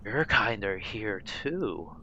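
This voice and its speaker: A man voicing an eerie male presence that speaks inside a character's head, slow and hushed. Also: fairly low pitch, expressive, highs cut off, a little hiss or hum, heavily acted. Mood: menacing.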